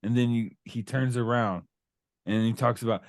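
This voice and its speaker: A man's voice: mid-range voice, fairly even intonation, moderate pace, dry recording, studio quality. A middle-aged man hosting a casual podcast chat with his son, rambling and searching for words as he recaps a movie. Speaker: podcast host, father.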